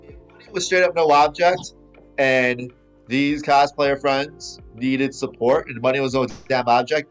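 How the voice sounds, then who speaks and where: A man's voice: medium pitch, fairly even intonation, a little slow, soft background music. A man hosting a podcast, explaining himself earnestly in casual chat.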